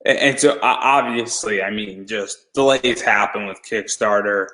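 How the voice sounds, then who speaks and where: A man's voice: on the low side, normal speed, bright, forceful tone, rough recording. A man hosting a casual interview, talking in a rambling, hesitant way with many restarts. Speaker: podcast host.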